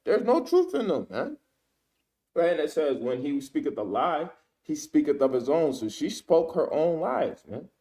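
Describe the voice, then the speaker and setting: A man's voice: on the high side, sing-song, moderate pace, mellow. A man giving casual spoken commentary as a ministry speaker, who weaves in scripture quotes and keeps tagging his sentences with "man" and "right?".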